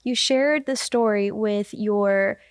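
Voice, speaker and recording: A woman's voice: mid-range voice, takes it slowly, no room sound, clean studio sound. A woman hosting a casual podcast conversation, affirming and full of backchannel responses. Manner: warmly affirming, many backchannels. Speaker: podcast host.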